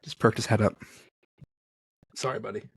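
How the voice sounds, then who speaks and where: A man's voice: fairly low pitch, fairly even intonation, moderate pace, slightly rough, no room sound, clean studio sound. A man co-hosting a podcast in casual chat, rambling and self-deprecating, often breaking into laughter. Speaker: podcast co-host.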